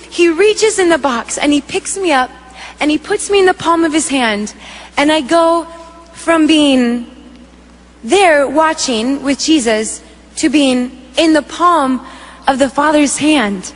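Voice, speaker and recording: A woman giving an emotional spoken testimony, telling her story in a vivid, animated way. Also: sits high, measured pace. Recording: echoey hall reverb.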